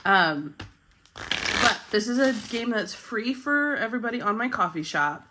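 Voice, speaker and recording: A woman hosting her budgeting channel in casual chat, upbeat and chatty, her voice husky with morning voice and a coming cold. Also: fairly high pitch, animated, unhurried, background noise.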